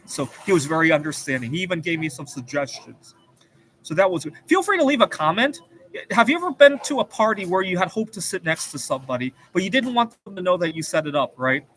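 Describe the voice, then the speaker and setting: A man with a somewhat high-pitched voice hosts his own show, drifting through a long personal story in an earnest, rambling way. A faint hum of ambience sits under his voice. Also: lively intonation, fast, fairly bright tone, low-quality recording. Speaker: show host. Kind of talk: casual personal monologue.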